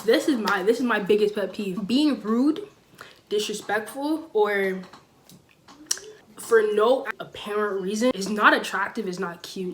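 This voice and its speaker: A teenage girl on her own channel, giving blunt school advice in a casual sit-down talk, with sudden loud stresses. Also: mid-range voice, a little hiss or hum. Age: teens. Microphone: camera mic, sitting.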